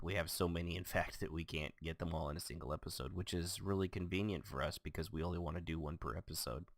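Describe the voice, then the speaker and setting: A man's voice: deep voice, vocal fry, fairly bright tone, dry recording, clean studio sound. A man hosting a casual podcast, joking and self-mocking as he talks. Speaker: podcast host.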